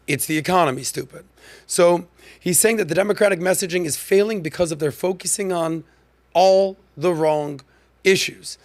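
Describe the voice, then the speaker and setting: Gravelly, high-voiced podcast host. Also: male voice, dry recording. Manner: animated, punchy, leans hard on key words. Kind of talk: commentary.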